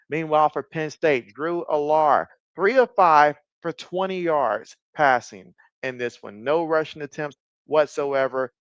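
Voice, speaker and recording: A man doing casual live-stream play-by-play, reading viewer comments aloud, with bursts of excitement on big plays. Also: fairly high pitch, clean tone, dry recording, highs cut off.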